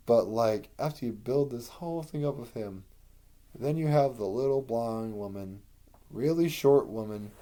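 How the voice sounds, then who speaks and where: Mellow-voiced man rambling through a casual review. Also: on the low side. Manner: rambling, profane, conversational with many fillers. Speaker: video creator ranking TV seasons.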